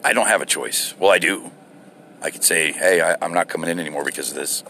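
A man's voice: low-pitched, quick pace, vocal fry, pushed and bright, a little hiss or hum. A man with children and a wife, ranting angrily with heavy profanity in a heated monologue. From United States. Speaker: vlogger.

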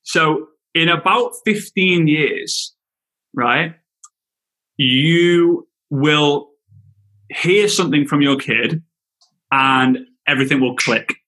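Male guest, slightly high, earnest and emphatic. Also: takes it slowly, pauses often, sharp tone, low-quality recording. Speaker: podcast guest. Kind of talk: casual interview chat.

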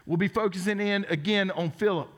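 A man's voice: high-pitched, brisk, a bit bright. A man in his thirties with a Southern US twang, preaching a sermon as teaching pastor, telling stories with earnest, self-deprecating humor. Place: church sanctuary.

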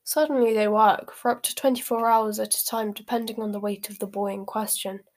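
A woman reading aloud as a cheerful young male joke-shop owner, brisk and breezy. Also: medium pitch, fairly even intonation, close to an everyday voice. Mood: teasing.

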